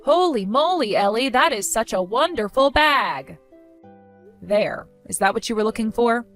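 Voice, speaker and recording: A woman's voice: on the high side, expressive, measured pace, fairly bright tone, soft background music. A woman voicing a weary, exasperated young married woman who answers with dry sarcasm in a text-story skit.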